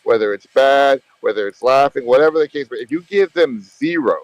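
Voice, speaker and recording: A man's voice: medium pitch, animated, a little fast, dry recording, rough recording. Emphatic, rambling man in voice chat. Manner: emphatic, rambling, repeats himself, swears freely. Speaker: gaming channel host. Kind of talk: casual group voice chat about a mobile strategy game.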